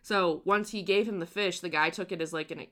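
A woman's voice: lowish voice, steady tone, a little fast, bright, forceful tone. A woman casually telling a true crime story, swearing freely and laughing often.

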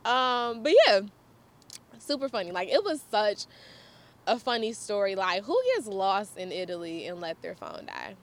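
A woman's voice: mid-range voice, big pitch swings, normal speed. A young woman vlogger telling a personal story in a casual, chatty way, laughing often and talking straight to her viewers.

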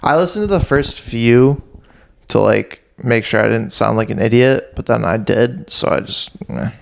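Chatty young podcast host with gravelly voice. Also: medium pitch, normal speed. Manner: chatty, playful, rambling restarts. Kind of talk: casual podcast chat.

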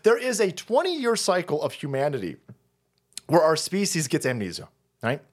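A man hosting a livestream, ranting profanely and mockingly about politics, often breaking into shouts, while dabbing a bleeding nose. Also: on the high side, very animated, moderate pace, husky. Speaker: streamer host.

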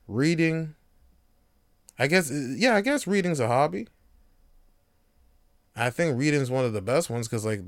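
A man's voice: mid-range voice, clear, resonant tone, no echo. A man hosting a casual solo podcast monologue, joking, swearing and laughing often. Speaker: podcast host.

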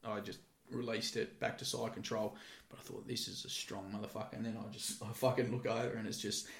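A man's voice: lowish voice, fairly quick, creaky. A man who used to work security, telling a story casually with lots of swearing. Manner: profane, lively anecdotes. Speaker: former security guard. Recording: roomy echo.

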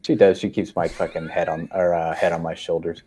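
Man, podcast host, casual chat, rambling stories, frequent swearing, deep voice. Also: little pitch movement, a little fast, warm tone, husky. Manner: rambling storyteller, swears often.

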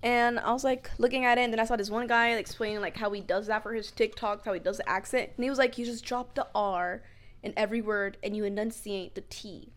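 Young woman podcast co-host, slightly high voice, rambling casual storyteller. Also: fast talker. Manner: chatty, lots of "like" fillers, animated storytelling. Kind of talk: casual chat.

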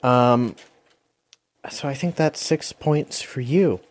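Rambling man hosting a movie quiz. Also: medium pitch. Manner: rambling, lots of fillers and quick asides. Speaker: host of a movie review game show. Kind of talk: casual chat.

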